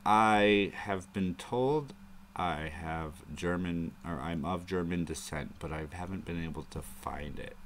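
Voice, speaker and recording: A man's voice: low-pitched, a little slow, a little hiss or hum. A man hosting a live stream, rambling casually in a crude, joking way. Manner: rambling and crude, prone to chuckling asides.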